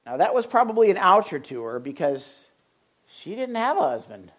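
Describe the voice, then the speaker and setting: A man's voice: high-pitched, sing-song, normal speed, slightly rough. Impassioned male pastor preaching. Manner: impassioned, emphatic and repetitive. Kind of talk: sermon.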